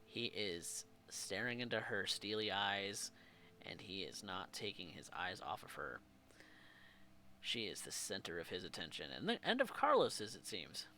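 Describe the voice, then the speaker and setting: Male game master, gravelly and bright, describing scenes to the players. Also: lowish voice, sing-song, a little slow, slight background noise. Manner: descriptive, second-person scene-setting. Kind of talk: narrating a tabletop game.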